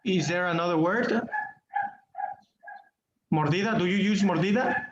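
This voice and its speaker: Slow high-voiced teacher. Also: male voice, echoey room, dull audio. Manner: patient, explains with examples and repeats words. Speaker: English teacher. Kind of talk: online class lesson.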